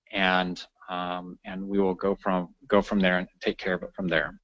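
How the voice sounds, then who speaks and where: A man's voice: low voice, completely flat delivery, moderate pace, a bit bright, muffled recording. A man presenting a continuing-education lecture on parenting, talking unscripted with many fillers and restarts. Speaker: counselor presenting a training course.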